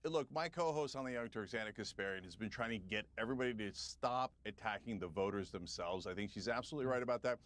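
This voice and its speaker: A man's voice: on the low side, fast talker, few pauses, a bit bright, slight background noise. A man speaking as a political commentator guest in a heated televised debate, combative and scoffing, talking over the others.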